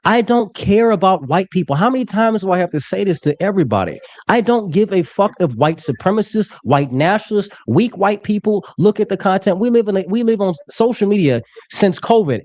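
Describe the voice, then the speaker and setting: A young man in his twenties argues in a streamed debate, fast and combative, with lots of swearing and talking over the others. His pitch leaps up and down as he presses his points. The sound is close and dry. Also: expressive, a little mellow, dry recording. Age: 20s. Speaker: political commentator. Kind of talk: heated debate on a live stream.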